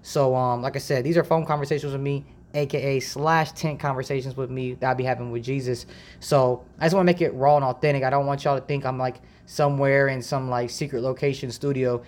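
A man's voice: medium pitch, a little fast. A man from Ohio hosts a faith podcast from a makeshift home setup. He talks in a loose, rambling way, slips into slang and circles back to his point. He is recorded close on a decent home mic. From Ohio, USA. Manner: rambling, chatty, relaxed slang. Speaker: podcast host. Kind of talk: casual faith podcast monologue.

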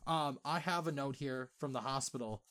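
A man's voice: medium pitch, moderate pace, fairly bright tone, no room sound. A man from Wisconsin co-hosting a casual podcast chat, eager and playful, often tripping over his words and restarting. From Wisconsin, USA. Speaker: podcast co-host.

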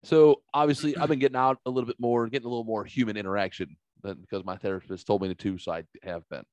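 A man's voice: fairly low pitch, fairly even intonation, fast, darkish tone, clear, resonant tone, no room sound. A man hosting a podcast, telling a rambling, profane story in casual chat. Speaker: podcast host.

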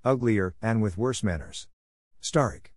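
A man's voice: on the low side, measured pace, darkish tone, no room sound, studio quality. A man reading aloud and voicing a rude gull who screeches in a mocking way.

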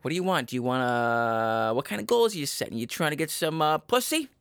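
A man rants mock-motivational life advice as a podcast host. He is crude and profane, and his fairly high voice leaps into squeaky jabs. The sound is close and dry. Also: lively intonation, brisk, fairly bright tone, clear, resonant tone, no echo. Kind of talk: comedic advice monologue.

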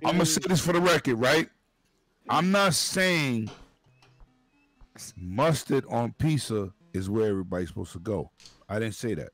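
Loud, profane New York man. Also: mid-range voice, animated, normal speed, long pauses, faint music behind. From Brooklyn, New York. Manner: loud, profane, keeps cutting in with "hold on". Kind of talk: casual group banter.

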